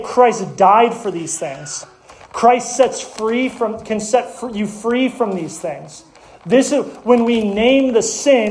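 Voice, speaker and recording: A man's voice: high-pitched, darkish tone, reverberant, a little hiss or hum, poor audio. A man preaching a sermon as pastor, earnest and conversational, often restarting his sentences.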